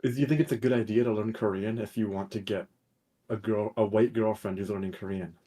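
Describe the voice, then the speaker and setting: Man, mellow dark voice, halting teasing questions, casual chat, video call. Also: lowish voice, fairly even intonation. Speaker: podcast guest.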